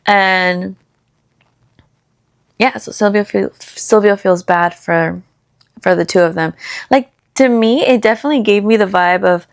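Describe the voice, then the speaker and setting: A young woman talks through a book's plot as if gossiping with a friend. She is casual and animated, tossing in fillers and quick reactions as she retells each scene. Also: medium pitch. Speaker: book review vlogger. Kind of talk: casual chatty book review.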